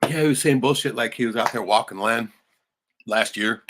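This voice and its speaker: A man's voice: mid-range voice, moderate pace, a bit bright. A man hosting a livestream, ranting heatedly and swearing, with laughing asides. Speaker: livestream host.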